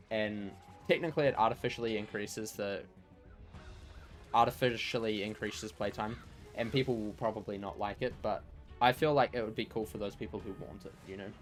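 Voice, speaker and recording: A man chatting casually on a game livestream, rambling and full of fillers. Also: lowish voice. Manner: rambling, lots of "like" and "you know". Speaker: game streamer.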